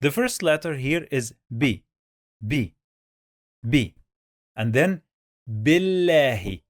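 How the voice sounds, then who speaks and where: Male teacher, slow, dry close sound, repeats sounds for beginners. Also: mid-range voice, expressive, no room sound. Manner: drills sounds by repeating them many times. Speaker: Arabic reading teacher. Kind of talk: slow step-by-step pronunciation lesson.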